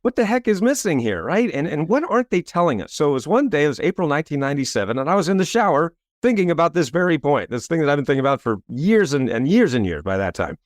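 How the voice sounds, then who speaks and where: A man's voice: a little high, fast talker, few pauses, no echo, clean studio sound. A man in his fifties, a coach and author telling a story as a guest in a podcast interview, emphatic and salesy, often tagging his points with a rhetorical question. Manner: animated, tags points with rhetorical "right?".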